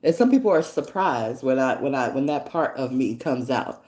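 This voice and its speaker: A woman hosts her podcast in a loose, casual monologue. Her voice sits low but swings widely as she tells stories bluntly and with plenty of profanity. The room around her sounds echoey. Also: moderate pace. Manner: blunt, profane, animated storytelling. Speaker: podcast host.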